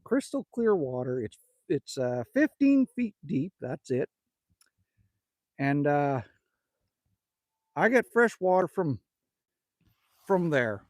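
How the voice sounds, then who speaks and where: A middle-aged Canadian man with a high-sitting voice hosts a casual livestream outdoors at his rural cabin, with no echo. He rants, jokes and greets viewers by name.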